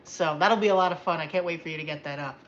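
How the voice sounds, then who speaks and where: A tired woman hosting a casual livestream, chatty and rambling and quick to get excited. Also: sits low, highs cut off. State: tired after a long day. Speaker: livestream host.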